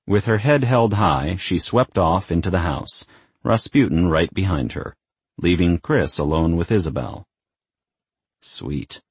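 Low husky male audiobook narrator, animated and wry, dry studio. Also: no echo. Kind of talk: scripted narration.

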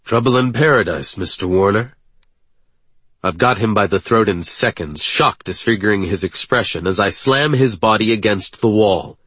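A man's voice: on the low side, moderate pace, hardly any pauses, fairly bright tone, breathy edge, no echo. A man narrating an audiobook in the first person, brooding, clipped and intense.

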